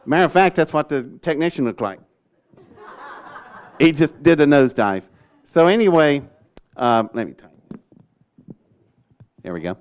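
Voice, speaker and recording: An older man telling a story in a lively way. He laughs often and acts out what other people said. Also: a little high, measured pace, pauses often, clear, resonant tone. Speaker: speaker recounting a rocket test. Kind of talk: animated storytelling talk.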